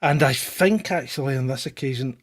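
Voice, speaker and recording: A man's voice: mid-range voice, moderate pace. A man hosting a casual commentary chat, laughing often and swearing freely. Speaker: host.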